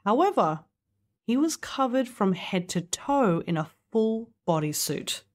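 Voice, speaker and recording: A woman's voice: medium pitch, animated, a little slow, a little mellow. Aussie woman podcast host telling a story, chill, swears a bit. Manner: swears casually, laughs while telling the story. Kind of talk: casual storytelling chat.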